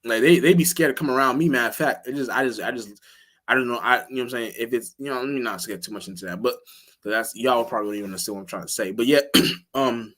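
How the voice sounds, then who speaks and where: A man talks loosely and at length on his own livestream. He curses constantly, restarts his sentences and leans on fillers. Now and then his voice jumps much higher and louder when he acts out a reaction. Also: fast talker. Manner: rambling, profane, with many restarts and fillers. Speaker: livestream host. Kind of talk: casual livestream monologue.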